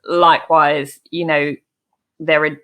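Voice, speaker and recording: A woman's voice: low-pitched, level tone, slow, a bit bright, smooth. Chatty laughing woman co-host. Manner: chatty, laughing, self-deprecating. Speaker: podcast co-host. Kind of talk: casual chat.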